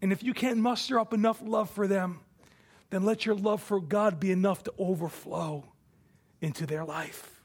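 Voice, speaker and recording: Male pastor, high gravelly voice, emphatic sermon delivery with big swings in loudness. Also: steady tone, moderate pace. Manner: emphatic preaching, rising and falling in volume.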